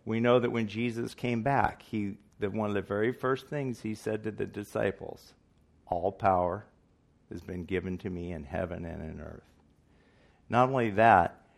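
A man's voice: fairly low pitch, vocal fry. A man preaching a sermon in earnest, emphatic style, asking his listeners questions.

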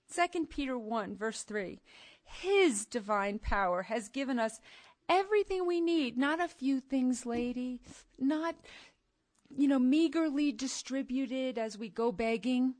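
A middle-aged woman preaching to a women's gathering, emphatic and animated, moving from soft asides to loud outbursts. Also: sits high, unhurried, no room sound. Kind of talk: sermon.

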